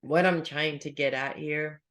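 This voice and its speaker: A man's voice: fairly high pitch, fairly even intonation, unhurried, fairly bright tone. A rambling, self-deprecating man in his forties. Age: 40s. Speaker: psychic giving weekly readings. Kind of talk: casual spoken advice with personal anecdote.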